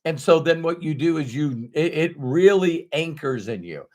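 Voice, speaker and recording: A man's voice: on the high side, normal speed. Candid middle-aged man telling a personal story. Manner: candid, animated, with sudden loud bursts. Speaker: motivational speaker.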